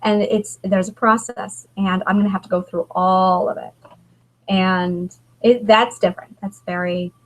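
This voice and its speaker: A woman in her thirties, an author speaking candidly as a guest, halting often and restarting her sentences. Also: mid-range voice, fairly even intonation, low-quality recording. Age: 30s. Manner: halting, emotional, many restarts. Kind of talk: candid conversation.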